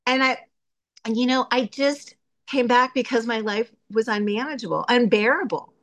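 A woman's voice: fairly high pitch, moderate pace, a bit bright. A woman giving a candid, chatty personal share at a recovery meeting, laughing often and acting out her own inner voice. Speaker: speaker sharing at a recovery meeting.

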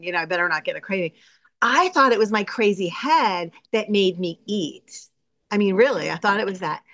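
A woman tells her recovery story at a support meeting in a candid, conversational way. She laughs often and slips into playful voices for her own thoughts. Her pitch sits in the middle of the usual range. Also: fairly bright tone. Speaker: speaker sharing at a recovery meeting. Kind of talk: personal recovery share.

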